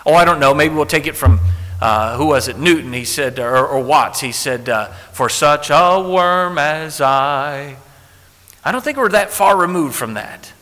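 A male pastor preaching a sermon in a church, quoting old scripture and swinging from hushed passages to loud ones. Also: mid-range voice, expressive, moderate pace. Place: church sanctuary. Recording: echoey hall with faint hiss.

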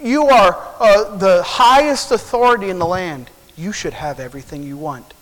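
A man voicing a scheming wicked queen in a high, shouting voice that mocks her, heard in a sermon. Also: moderate pace, big-room sound, low-quality recording.

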